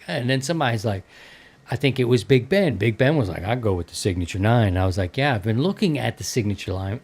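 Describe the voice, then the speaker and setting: Male podcast host, low-pitched, easygoing rambling chat. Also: gravelly, a little mellow, slightly rough. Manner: loose and rambling, with many fillers. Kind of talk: casual chat.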